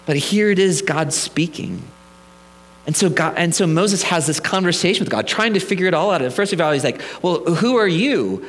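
A man's voice: on the high side, a little fast, fairly bright tone. A male pastor preaching a sermon in a conversational, storytelling way, with humorous asides.

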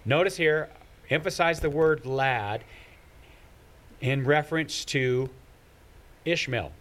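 A man's voice: fairly high pitch, slow pace, fairly bright tone. A man leading a Bible study, explaining passages step by step and reading scripture aloud in a conversational teaching manner.

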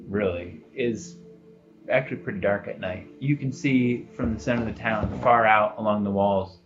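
A man narrating as game master of a tabletop game, animated and full of fillers. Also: mid-range voice. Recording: dull lo-fi recording, faint music.

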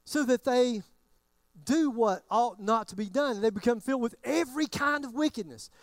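A man preaching in a drawl, his voice sitting unusually high. He talks to the congregation like a friend and slips into their inner thoughts as he goes. The sound is close and dry, with almost no room echo. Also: moderate pace. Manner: conversational preaching, acting out listeners' thoughts. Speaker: pastor. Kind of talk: sermon.

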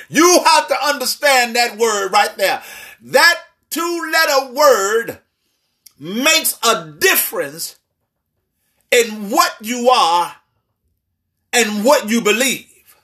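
Man, pastor, preaching, high bright voice, shouting call-and-response. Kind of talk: sermon.

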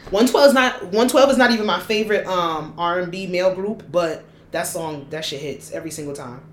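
A woman co-hosting a casual chat, blunt and profane, telling stories with animated energy. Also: on the low side, a little fast, reverberant. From United States. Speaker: podcast co-host.

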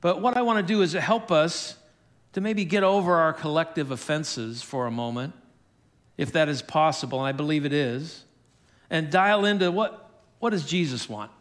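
Older pastor, candid sermon. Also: male voice, fairly high pitch, normal speed. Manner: candid, self-deprecating, chuckles often.

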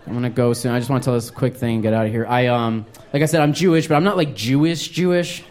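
A man in his thirties telling a self-deprecating story on stage, breaking into high, acted-out quotes. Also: quick pace, darkish tone. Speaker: stand-up comedian. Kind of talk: stand-up storytelling. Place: comedy stage before a live audience.

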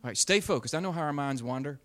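High-voiced, animated male Bible teacher. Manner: expressive, shifts between loud emphasis and hushed near-whisper; speeds up and slows down on purpose.

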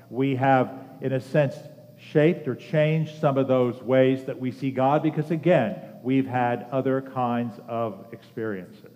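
A man in his seventies giving a sermon as pastor, telling a personal story earnestly with measured pauses. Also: medium pitch, darkish tone, dull audio. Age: 70s. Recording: long reverb of a large hall.

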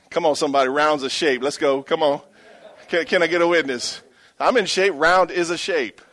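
Middle-aged pastor man, pretty high voice, preaching and egging the church on. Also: moderate pace, pauses often, fairly bright tone. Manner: storytelling with call-and-response to the congregation. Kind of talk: sermon.

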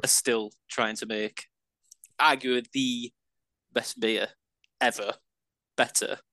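A home brewer co-hosting a casual beer podcast talks about brewing in a rambling, self-deprecating way with lots of fillers. His voice is medium-pitched, level, slow, and sharp in tone, with no echo.

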